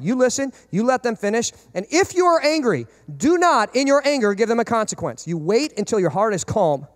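Male pastor, sermon, high voice, animated delivery acting out parents and kids. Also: brisk, hardly any pauses, in a large hall.

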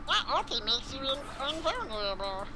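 A dopey, mumbling cartoon meat creature. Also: male voice, very high-pitched, big pitch swings, normal speed, pitched above the performer's own voice, exaggerated voice. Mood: whiny. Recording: quiet, far from the mic.

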